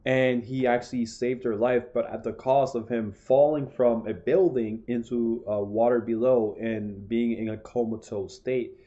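A man's voice: medium pitch, steady tone, measured pace, hardly any pauses, mellow, highs cut off. A man casually reviewing an anime film, rambling and correcting himself as he goes. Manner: rambling, self-correcting, chatty.

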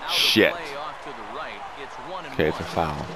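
A man's voice: deep voice, sing-song, takes it slowly, crowd noise. A young man giving casual commentary while playing a video game, swearing often and flaring up at bad plays. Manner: swearing, erupting into angry rants at the game. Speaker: gaming commentator. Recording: game music playing behind.

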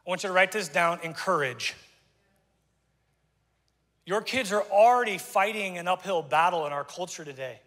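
Excitable high-voiced preacher in a reverberant hall. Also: male voice. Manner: excitable, folksy, repeats himself, stumbles over words. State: out of breath. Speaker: pastor. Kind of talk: energetic sermon. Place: church sanctuary.

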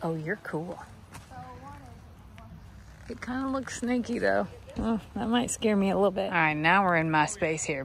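A woman's voice: mid-range voice, slight background noise. A woman chatting casually while browsing an outdoor garden center and talking to plants. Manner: chatty, talks to plants and a dog. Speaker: vlogger. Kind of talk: casual walking vlog.

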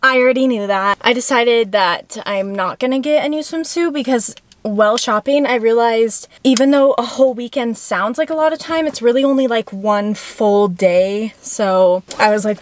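A woman's voice: fairly high pitch, animated, unhurried, few pauses, dry recording. A young woman vlogging casually to camera while running errands, rambling, frazzled and poking fun at herself. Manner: rambling, frazzled and self-mocking. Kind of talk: casual vlog chat to camera. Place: out and about, stores and car.

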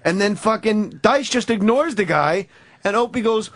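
A comedian on a radio talk show, telling a story with quoted movie lines and lots of swearing. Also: male voice, sits high, animated, normal speed, a bit bright. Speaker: comedian guest.

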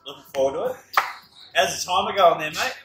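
An Australian man hosting a chilli challenge, talking loud and cheering his mates on with whoops. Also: sits high, a little fast, heavy background noise. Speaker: host of a chilli review channel. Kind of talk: casual hype chat during a chilli challenge. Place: indoor onsite workplace. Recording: roomy sound from a distance.

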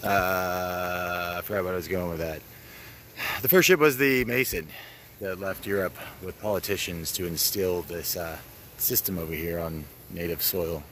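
A man's voice: low-pitched, moderate pace, fairly bright tone, a little hiss or hum. A man giving casual, rambling commentary while walking outdoors in a park, full of fillers and loose asides. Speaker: vlogger.

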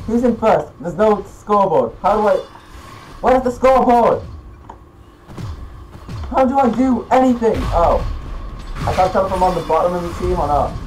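A teenage boy giving gameplay commentary, excitable and quick to swear and yell at the game. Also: high voice, a little hiss or hum, poor audio. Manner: excitable, swearing, yelling outbursts. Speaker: gaming YouTuber.

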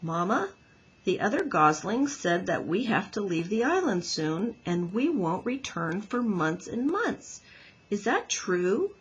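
A woman voicing a young male gosling who asks worried, eager questions in a high childlike voice. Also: sing-song, slow, husky, dull audio, exaggerated voice.

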